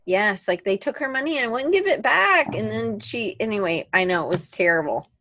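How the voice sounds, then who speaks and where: Animated woman hosting a chat show. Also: medium pitch, normal speed, no room sound. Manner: animated, acts out her own reactions. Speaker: podcast host. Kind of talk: casual live-stream chat.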